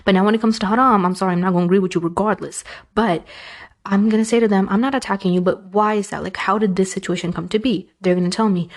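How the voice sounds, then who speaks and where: A young woman hosting a podcast, giving casual advice and acting out the conversations she quotes in an animated way. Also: mid-range voice, fast talker.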